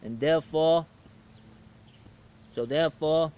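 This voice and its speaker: A man's voice: fairly high pitch, takes it slowly, darkish tone, clean tone. A man puts on a blunt, blustering president who boasts and gives orders. It is a home-made comic impression. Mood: boastful.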